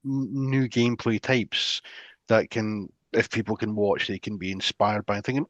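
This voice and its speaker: A man's voice: fairly low pitch, fairly even intonation, moderate pace, dry recording. A man from England hosting a casual podcast chat, rambling with frequent restarts and fillers, on dull lo-fi audio. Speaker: podcast host. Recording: dull lo-fi sound.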